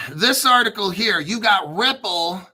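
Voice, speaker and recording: A man hosting a crypto show, ranting bluntly and profanely while clearing his throat often. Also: high-pitched, lively intonation, unhurried, bright, forceful tone.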